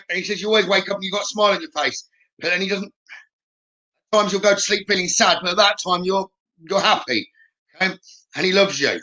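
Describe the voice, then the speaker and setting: Bright high-voiced psychic medium. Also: male voice. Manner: chatty, relays messages with frequent "okay?". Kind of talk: live-streamed spirit readings.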